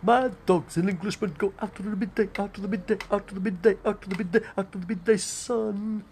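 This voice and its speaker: A man's voice: sits high, steady tone, fast, darkish tone, slight background noise, voice pushed up. A man doing a camp 1920s luvvie actor. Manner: camp, sing-song, repeating himself. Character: affected 1920s luvvie actor with cigarette holder.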